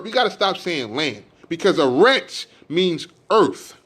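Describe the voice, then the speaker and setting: Impassioned high-voiced male preacher. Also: sing-song, husky. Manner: impassioned, rising to loud emphatic peaks, then dropping low to explain; reads scripture aloud in a slower measured cadence. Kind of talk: fiery street sermon.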